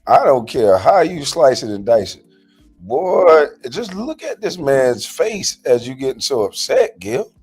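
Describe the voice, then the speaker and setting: A man's voice: mid-range voice, sing-song, measured pace, a little mellow, breathy edge, soft background music. A man ranting in a confrontational, profane reaction vlog, mocking and calling someone out. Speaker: commentator reacting to a panel clip. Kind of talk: heated reaction vlog rant.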